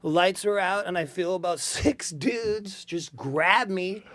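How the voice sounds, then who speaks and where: A man, a rock singer guest on a studio talk show, telling profane stories in an animated way that sometimes bursts into shouting. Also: high voice, slow, no echo. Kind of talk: casual talk-show storytelling. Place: radio studio. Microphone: studio microphone.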